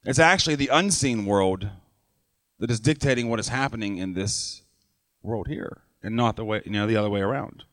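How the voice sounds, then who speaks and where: A man's voice: fairly low pitch, moderate pace, fairly bright tone, no room sound. Casual conversational male preacher. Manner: conversational, asks the congregation "right?" often. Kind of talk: sermon. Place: church sanctuary.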